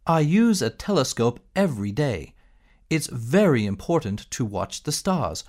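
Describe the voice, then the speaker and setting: A man reading a textbook story in clear, measured narration, as a space captain telling his own adventure. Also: medium pitch, big pitch swings, darkish tone. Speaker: textbook audio reader.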